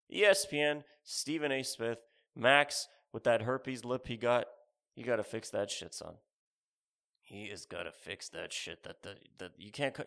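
Gravelly man in a profane rant. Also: mid-range voice, fairly bright tone. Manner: profane, sarcastic, rambling.

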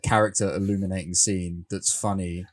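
A man's voice: low-pitched, little pitch movement, normal speed. A man with an English accent co-hosting a casual film podcast, talking through how scenes are built. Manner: analytical, explaining film craft. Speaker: podcast co-host.

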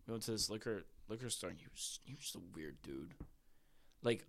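A man's voice: lowish voice, expressive, fairly quick, creaky, a little hiss or hum. A young man in a casual chat, telling stories in a blunt, profane, worked-up way. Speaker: guest.

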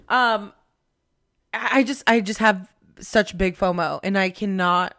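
Hosting a podcast as a spiritual medium, a woman with a medium-pitched, slightly bright voice rambles through a casual monologue. She swears a lot and pokes fun at herself along the way.

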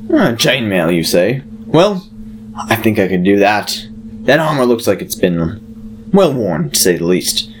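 A man's voice: lowish voice, big pitch swings, measured pace. A man voicing a cheerful, salesy male dwarf blacksmith with a light Australian accent and wheedling patter; faint noise behind.

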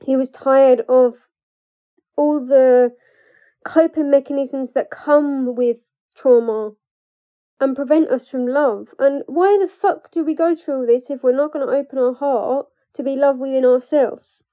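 A young woman with a high voice opens up in a confessional vlog, candid and emotional, pausing and laughing nervously between thoughts. The sound is dull and lo-fi, with the top end muffled. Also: steady tone. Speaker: trauma coach. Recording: dull lo-fi recording.

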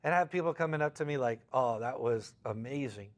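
A man preaching a conversational sermon, casual and animated, acting out quoted voices between frequent fillers. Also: medium pitch, a little fast. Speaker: pastor.

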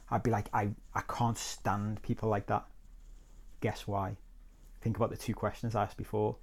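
A man's voice: on the low side, darkish tone, husky. A man hosting his own coaching podcast and telling a story from childhood. His talk is conversational and reflective, with the odd crude aside. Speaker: life coach and podcast host.

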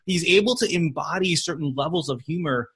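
Forceful husky man with a non-native lilt. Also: fairly high pitch. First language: not English. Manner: animated, many fillers and restarts, quick to laugh. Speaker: physical therapist guest. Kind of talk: casual podcast chat.

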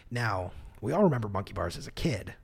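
A man co-hosting a podcast, telling a story in a casual, animated, self-deprecating way and laughing often. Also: fairly low pitch, fairly quick, slightly rough. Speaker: podcast co-host. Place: podcast studio.

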